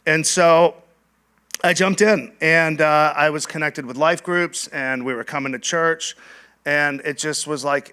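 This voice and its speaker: A man's voice: on the high side, bright, forceful tone, smooth. A man, a church leader, telling his personal testimony to a church group in a candid, conversational way with frequent ums and restarts.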